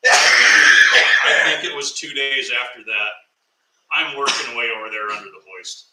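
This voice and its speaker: A man telling a workplace prank story in casual chat, animated and laughing as he goes. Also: mid-range voice, a little slow, shouting, very noisy. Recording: echoey room, mic at a distance.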